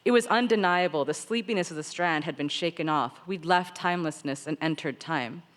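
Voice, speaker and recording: A woman author reading her own fiction aloud, in an expressive way with light laughter. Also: deep voice, fairly quick. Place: literary seminar stage. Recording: long reverb of a large hall.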